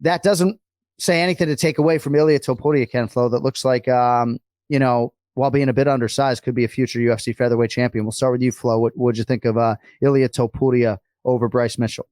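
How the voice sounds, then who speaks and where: A man co-hosting a podcast, talking casually and energetically, with quick asides. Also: medium pitch, fairly even intonation, a little mellow, no echo, studio quality. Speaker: podcast co-host. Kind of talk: casual chat.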